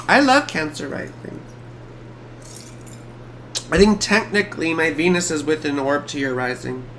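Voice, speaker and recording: A woman's voice: lowish voice, a bit bright, slight background noise. A woman in her forties, an astrologer giving chatty, playful live chart readings on a stream.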